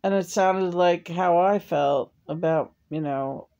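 A woman's voice: fairly low pitch, takes it slowly, vocal fry, warm tone, dull audio. A woman channeling the spirit of a dead man who rambles, hesitates and makes crude jokes. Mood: rambling.

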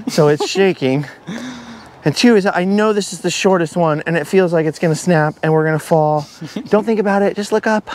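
Out on a high forest walkway, a middle-aged man who makes travel vlogs talks nervously to his camera as he walks the treetop trail. He's breathless with nerves, laughs at himself a lot, and keeps repeating his worries in a jittery, self-mocking way.

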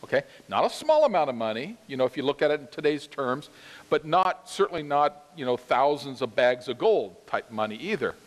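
Man, preacher, sermon, emphatic, mid-pitched voice, long church-hall reverb. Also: fairly quick. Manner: animated, emphatic, addresses congregation directly. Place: church sanctuary.

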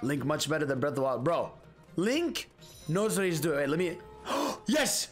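A high-voiced man commentating his own gameplay in an excitable rush, swearing and tossing "bro" into nearly every line. His pitch leaps around constantly. Faint music plays underneath. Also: moderate pace. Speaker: gaming streamer. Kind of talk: excited let's-play commentary.

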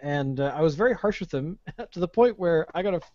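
A podcast host tells a story in an animated, ranting way, swearing freely as he goes. His voice sits a little high for a man. The recording is dry and dull, with a lo-fi sound. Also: brisk, no room sound. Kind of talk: casual podcast chat.

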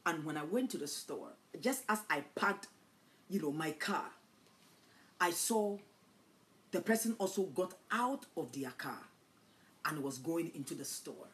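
Woman preacher, lively slow sermon delivery, dramatic swings between hush and shouting. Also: low voice.

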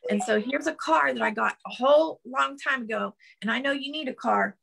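A woman's voice: high voice, brisk, gravelly, a bit bright. A middle-aged woman preaching a sermon in fervent, repeated declarations, often restarting her phrases. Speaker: prophetess preaching.

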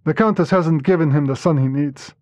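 A man voicing an eager, affectionate young Russian nobleman's son who talks in a hurried, light, teasing way. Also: fairly high pitch, a little mellow, no echo, lightly acted. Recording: dull lo-fi dry recording.

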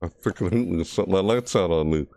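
A man's voice: low voice, fast, vocal fry, darkish tone, slight background noise. A man commentating a horror game playthrough, frustrated and jumpy, scolding the game's characters and shrieking at scares. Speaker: gamer.

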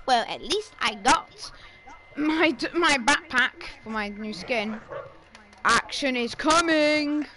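Loud high woman swearing while gaming. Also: expressive. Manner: loud, swearing, quick to shout. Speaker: gamer co-playing. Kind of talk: casual gaming chat. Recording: loud background noise.

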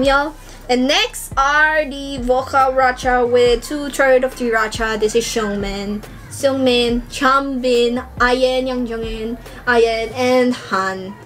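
A young woman, gushing with excitement as she chats through an unboxing vlog. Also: fairly high pitch. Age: young adult. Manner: gushing, squealing fangirl excitement. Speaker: vlogger.

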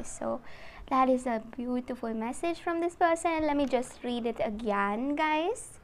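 Soft-spoken woman tarot reader, higher voice. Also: unhurried, a little hiss or hum. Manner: gentle, emotional, addresses viewers fondly. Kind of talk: casual tarot reading to viewers.

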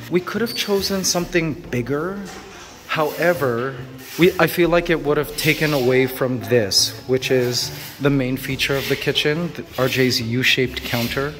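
A man from Canada in his thirties, vlogging casually from his farmhouse and gushing to his viewers with excitement and emotion. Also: medium pitch. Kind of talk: casual vlog. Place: farmhouse under construction.

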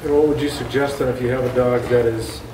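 A man's voice: medium pitch, steady tone, quick pace. A man in an audience asking a speaker questions in a plain, inquiring way. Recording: distant, echoey hall with background noise.

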